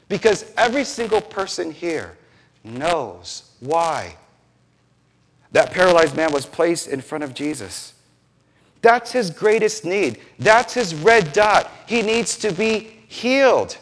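Male pastor, fairly high voice, very lively intonation, preaching and acting out scenes. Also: takes it slowly, slight background noise. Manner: animated, acts out biblical scenes with quoted voices. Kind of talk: sermon.

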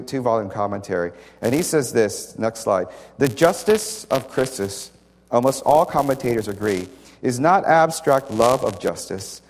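A man's voice: mid-range voice, a little mellow. A man preaching a sermon with slides in a conversational, emphatic way, often repeating key words. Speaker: pastor. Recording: faint hall reverb and light noise.

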